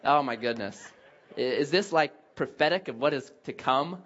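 A pastor preaches a sermon, animatedly telling a story and acting out its people with shouted quotes. His voice is mid-range and moderately paced, and the audio sounds dull.

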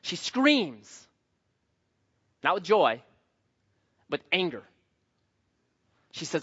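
A male pastor preaching a sermon in an animated, joking, conversational manner. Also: a little high, slow, pauses often, lo-fi sound.

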